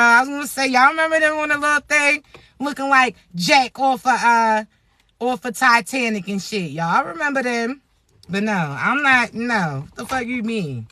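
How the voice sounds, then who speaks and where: A woman vlogger giving blunt, profane spiritual advice in a joking, streetwise way, with low "mm-mm" asides. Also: bright, forceful tone, dry recording. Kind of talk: casual spiritual advice rant.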